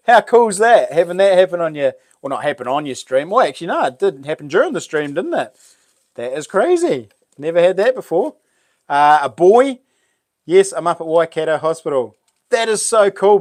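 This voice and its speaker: A New Zealand man hosts a laid-back live stream, reading out viewers' messages and answering them. His voice sits a bit high for a man, and the sound is close and dry with no room echo. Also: a little mellow. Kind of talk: casual live stream chat.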